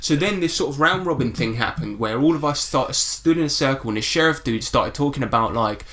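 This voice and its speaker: A man's voice: mid-range voice, lively intonation, a little fast, a bit bright. A man co-hosting a podcast, animatedly retelling a tabletop game session, with swearing and lots of fillers. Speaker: podcast co-host. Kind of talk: casual storytelling about a game.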